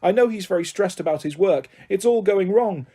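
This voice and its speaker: A timid young mother, voiced by a male storyteller, who speaks shakily and hesitantly. Her voice is mellow and a bit raised. She sounds close to tears. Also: sits high, animated, normal speed, breathy edge, pitched above the performer's own voice. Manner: hesitant, shaky.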